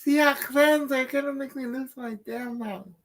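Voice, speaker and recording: A woman's voice: high voice, steady tone, normal speed. A woman co-hosting a casual live stream, blunt and sweary, who laughs often.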